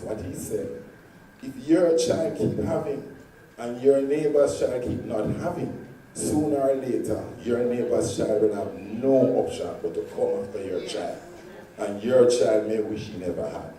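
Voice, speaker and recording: A man telling stories in a convention speech, swinging dramatically between loud and hushed. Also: fairly low pitch, moderate pace. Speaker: convention speaker. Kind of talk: storytelling speech. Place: large convention hall. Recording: echoey hall from far off, faint noise.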